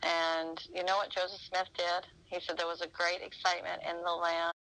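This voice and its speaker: Low, gravelly, bright-voiced woman. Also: completely flat delivery, normal speed, low-quality recording. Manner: effusive storytelling, acting out quoted talk. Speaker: phone caller. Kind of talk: casual phone chat. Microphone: phone.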